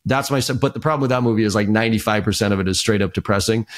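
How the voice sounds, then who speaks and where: Talking at a racing pace in a fairly low voice, this man tells energetic stories as a guest in a relaxed podcast interview. He's a sales trainer, and his animated delivery is full of fillers and false starts.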